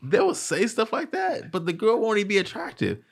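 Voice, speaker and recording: Young male podcaster, bouncy pitch, laughs through his storytelling. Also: a little fast, vocal fry. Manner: animated, laughing slangy storytelling. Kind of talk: casual podcast chat.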